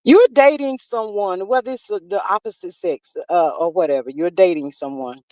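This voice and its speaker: A woman's voice: fairly low pitch, normal speed, darkish tone, no room sound, rough recording. A woman hosting a casual livestream, chatting with viewers in a folksy way and calling them "child" and "honey.". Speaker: livestream host. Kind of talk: casual livestream chat, reading viewer comments.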